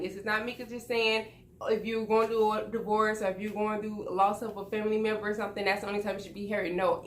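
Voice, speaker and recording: Woman talking straight to you, earnest and warm-hearted, kinda echoey room, soft hiss behind. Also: medium pitch. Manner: earnest and direct, repeats words, soothing. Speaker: social worker sharing encouragement. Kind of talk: heartfelt motivational talk.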